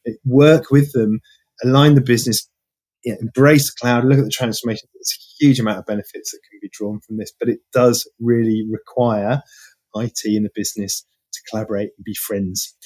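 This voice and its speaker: Husky-voiced man hosting with playful banter. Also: medium pitch, fairly even intonation, brisk, darkish tone. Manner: upbeat, playful host banter. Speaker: podcast host. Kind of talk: casual podcast chat.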